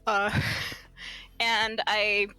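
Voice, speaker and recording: A woman's voice: medium pitch, little pitch movement, extremely slow, bright, forceful tone, smooth, no echo. A young adult woman, a podcast guest, giggly in casual chat and easily losing her train of thought.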